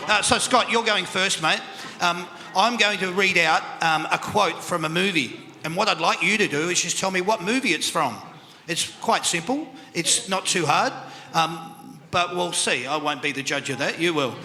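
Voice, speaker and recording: A man's voice: high-pitched, normal speed, bright, forceful tone. An Australian man hosting a live quiz segment on a panel show, upbeat and chatty, laughing often. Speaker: quiz host. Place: country club function room. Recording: reverberant hall with crowd noise.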